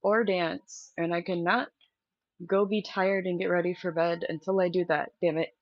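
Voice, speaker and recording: A woman's voice: on the low side, steady tone, normal speed, dry recording. A young woman chatting candidly and directly to viewers on a casual live stream from a room at home. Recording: dull lo-fi stream audio.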